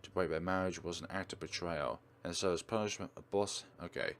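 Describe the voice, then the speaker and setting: A man's voice: sits low, steady tone, fairly quick, a little hiss or hum. A man hosting a let's play, reading a visual novel aloud with casual slips and self-corrections.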